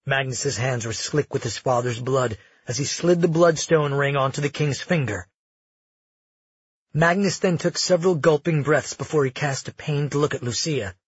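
A man narrating an audiobook in a measured, dramatic storytelling manner. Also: medium pitch, husky, no room sound, dull audio.

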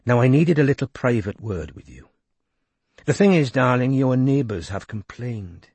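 A male audiobook narrator voices a Welsh woman who is deep, coaxing, husky and soft-spoken, gentle and persuasive, pitched a little low. The delivery is sing-song at a moderate pace, recorded close and dry with no room sound.

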